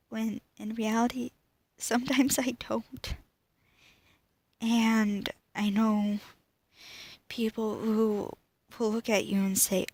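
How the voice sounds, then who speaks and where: A teenage girl speaking to camera about her own life, emotional and halting, often dropping to a whisper. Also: on the high side, flat delivery, dry recording. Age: teens. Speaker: student vlogger. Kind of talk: personal talk to camera.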